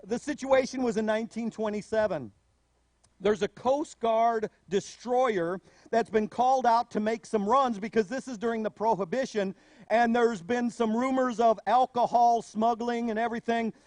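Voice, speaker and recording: Male pastor, high voice, storytelling sermon delivery, dry close recording. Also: normal speed, no echo. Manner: storytelling, animated asides.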